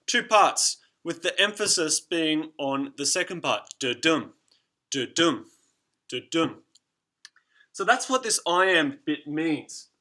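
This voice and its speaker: A man's voice: on the high side, bright, forceful tone. A young man teaching a class in a chatty, teasing way, tapping out rhythms as he explains. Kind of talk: classroom lesson video.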